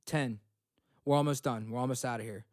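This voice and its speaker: A young man's mid-range, darkish voice moves briskly with fairly even intonation as he hosts a motivational self-help podcast from home. Blunt and unafraid to curse, he leans on "okay?" and "right?" to repeat his points. The recording is studio quality, echo-free.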